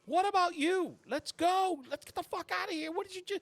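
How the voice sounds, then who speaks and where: A man voicing a panicked, foul-mouthed young woman who yells frantically. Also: fairly quick, dry recording. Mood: frantic. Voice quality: shrill, frantic yelling.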